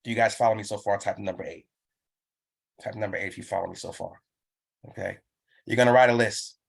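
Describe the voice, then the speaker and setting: A man's voice: on the low side, fairly even intonation, brisk, gravelly, breathy edge. A man leading a live online business training, urging listeners on with emphatic, repetitive coaching. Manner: pumped-up, urging.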